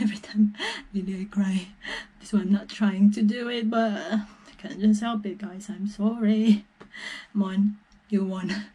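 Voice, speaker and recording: A young woman chatting casually in a reaction vlog, soft-spoken and emotional, giggling often between filler-heavy phrases. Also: mid-range voice. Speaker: reaction vlogger.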